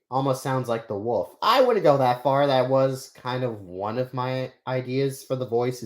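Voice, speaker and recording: A young man streaming casually, rambling and chatting with his viewers. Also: mid-range voice. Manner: rambling, many fillers and restarts, chatty with viewers. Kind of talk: casual live stream chat.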